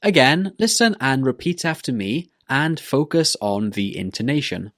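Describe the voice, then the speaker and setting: A man teaching an English pronunciation lesson, modelling words and questions slowly and carefully for listeners to repeat. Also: medium pitch, expressive, a bit bright, dry recording, clean studio sound.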